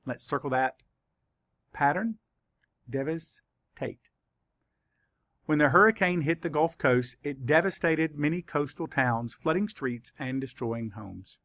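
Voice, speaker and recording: A man teaching a spelling lesson to children, spelling words out letter by letter in a patient, deliberate way. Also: a little high, animated, fairly bright tone, no echo.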